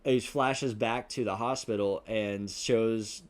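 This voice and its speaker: A man's voice: lowish voice, steady tone, slow pace. A man on a podcast casually retelling a movie plot, rambling, swearing constantly and filling gaps with "uh" and "like". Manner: profanity-laced, rambling, many fillers. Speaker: podcast co-host.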